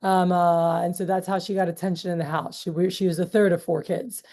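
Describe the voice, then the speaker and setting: Chatty woman, mellow voice, lots of fillers. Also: lowish voice, fairly even intonation, a little fast. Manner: acts out quoted voices in storytelling. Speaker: meeting leader. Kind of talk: casual talk to a group.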